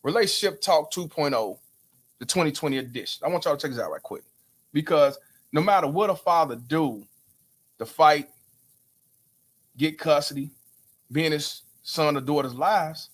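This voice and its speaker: Emphatic preachy man, higher voice. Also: normal speed, pauses often. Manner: emphatic, preachy, rhetorical questions. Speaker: host. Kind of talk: casual commentary to viewers.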